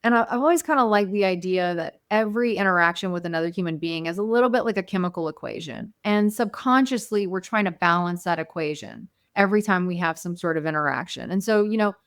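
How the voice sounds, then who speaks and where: A woman's voice: on the low side, lively intonation, fast, hardly any pauses, smooth, no echo, studio quality. A woman guest on a podcast, telling personal stories in a reflective, earnest way. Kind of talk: casual conversation.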